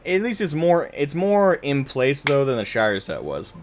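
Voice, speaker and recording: A man's voice: a little high, huge pitch swings, unhurried, soft background music. A man streaming a game live, chatting casually with viewers, rambling and correcting himself as he jokes with the chat. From United States.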